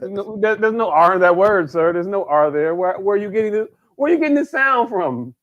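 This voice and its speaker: Animated, high-voiced joking man. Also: brisk, lo-fi sound. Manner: profane, animated, laughs a lot, repeats "hey, look". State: a bit drunk. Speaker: podcast co-host. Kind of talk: casual comedic chat.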